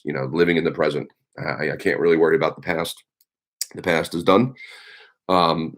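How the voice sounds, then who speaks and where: A man's voice: very deep voice, vocal fry. A man, a teacher, chatting casually on a livestream, rambling with lots of ums and you-knows.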